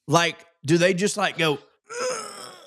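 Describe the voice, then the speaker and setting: A man's voice: medium pitch, a bit bright, no room sound, studio quality. A man co-hosting a comedy podcast, asking curious questions in a playful, casual way. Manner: curious, playful, quick interjections. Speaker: podcast co-host.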